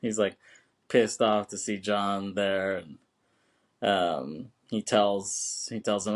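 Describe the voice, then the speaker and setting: A man's voice: on the low side, fairly even intonation, slow. A man co-hosting a podcast, casually recapping a film with lots of fillers and laughs. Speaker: podcast co-host.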